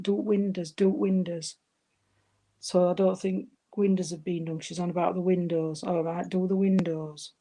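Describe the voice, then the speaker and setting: A woman's voice: on the low side, warm tone. A woman giving a live mediumship reading, hesitant and affectionate, calling her listeners darling. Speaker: spiritual medium.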